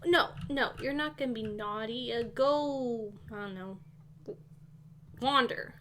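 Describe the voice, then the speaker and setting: A woman's voice: on the high side, measured pace, a bit bright, slight background noise. A woman streaming a game, casually chatting, exasperated and swearing as she scolds the characters. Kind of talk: casual live gameplay chat.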